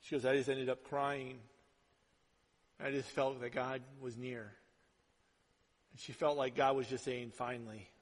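A male pastor preaching a sermon in a conversational way, dropping to hushed asides and rising to loud emphatic lines. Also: medium pitch, flat delivery, a little slow, pauses often. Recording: long hall reverb.

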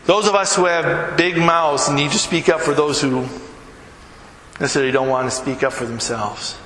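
A man's voice: a little high, moderate pace, slight background noise. A man preaching a sermon as a pastor, telling stories animatedly and acting out the people in them. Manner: animated storyteller who acts out quotes. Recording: echoey hall, faint ambience.

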